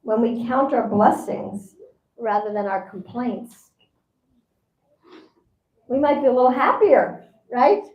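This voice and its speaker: A woman's voice: on the high side, slow, pauses often, lo-fi sound. Roomy-sounding woman giving a seminar talk. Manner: conversational, acts out quoted voices. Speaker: spiritual teacher. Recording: roomy echo.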